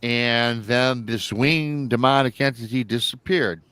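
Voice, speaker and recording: This live-show host takes his time with a listener's story, wandering casually, saying things more than once and performing the quotes himself. He has a medium-pitched voice with a sharp, clean tone and no room sound.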